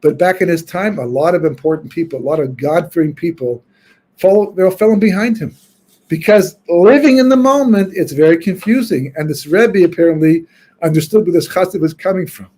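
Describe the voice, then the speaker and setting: Husky-voiced man teaching a Torah class. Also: on the high side, brisk, darkish tone. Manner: informal storytelling, thinking aloud with frequent restarts. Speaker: rabbi giving a weekly Torah class. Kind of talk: conversational Torah lecture.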